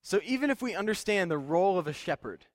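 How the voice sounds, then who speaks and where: A man's voice: high voice, expressive, quick pace, dry recording, studio quality. Plain-spoken young man preaching a casual sermon. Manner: plain-spoken, self-deprecating, conversational with many fillers.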